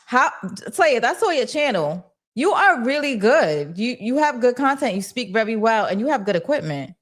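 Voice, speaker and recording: A young adult woman hosting a casual livestream, reading viewer comments aloud and answering in lively, slangy talk. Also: a little high, moderate pace. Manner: animated and slangy, talks back to chat. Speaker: host of a TV recap livestream.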